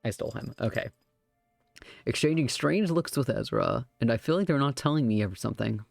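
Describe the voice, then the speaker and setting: Brief: chatty, laughing streamer narrating a game, animated pitch, dry close sound. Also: fairly quick, gravelly, no room sound, soft background music. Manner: giggly, chatty, joking asides. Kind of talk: live-streamed visual novel read-aloud with commentary.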